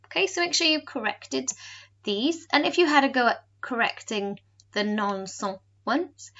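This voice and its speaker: A woman teacher talks a class through a recorded lesson. Her voice is bright and forceful, and she explains clearly and patiently. The recording sounds a little dull. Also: mid-range voice. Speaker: French teacher.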